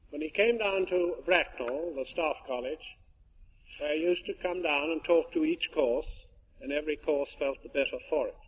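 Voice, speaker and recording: An older retired air force officer giving a tribute speech, telling anecdotes with genial, dry humour to an audience. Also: male voice, on the high side, breathy edge. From England. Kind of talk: after-dinner speech with anecdotes. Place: hall with an audience. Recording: muffled archive recording with faint hiss.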